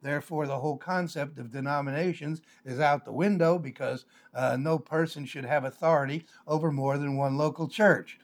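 An older man, a pastor, giving a measured, explanatory Bible lesson on a live stream, with frequent "uh" fillers. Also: a little high.

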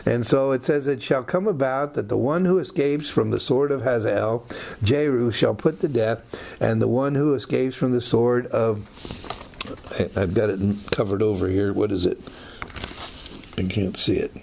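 Guy with a gravelly voice going through scripture, loose and chatty, lots of uh's. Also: medium pitch, moderate pace, a little mellow, slight background noise. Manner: conversational, with many fillers and asides. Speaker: Bible teacher. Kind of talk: informal Bible teaching.

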